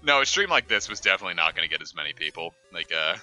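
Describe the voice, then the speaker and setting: Sharp-voiced, rambling joking male streamer. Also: low-pitched, big pitch swings, very fast, soft background music. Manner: joking, rambling asides with many fillers. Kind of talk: casual gameplay commentary.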